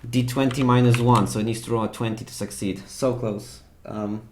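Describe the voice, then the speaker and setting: A young man runs a tabletop game in a mid-pitched, everyday voice. He describes scenes and rulings loosely, circling back with fillers and restarts. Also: steady tone, moderate pace, a little hiss or hum. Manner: rambling, full of fillers and restarts. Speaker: game master.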